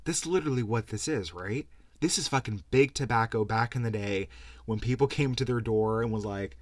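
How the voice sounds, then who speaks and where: A man's voice: mid-range voice, moderate pace, dry recording. Tired, sarcastic male podcast host. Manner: sarcastic, swears freely, laughs mid-sentence. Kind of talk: casual rant.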